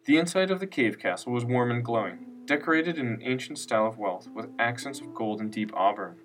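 A man narrating a scripted story in a steady, unhurried reading voice. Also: medium pitch. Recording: distant mic with faint music.

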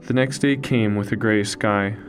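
A man narrating a story in the first person, in a slow, solemn, hushed way. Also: lowish voice, steady tone. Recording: faint music underneath.

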